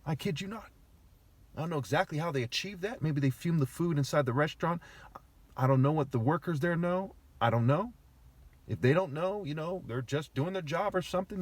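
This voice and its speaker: A man with a high, husky voice delivers an aggrieved, argumentative monologue to his viewers, peppered with swearing. The sound is close and dry, with no room echo at all. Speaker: vlogger. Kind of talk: agitated ranting monologue.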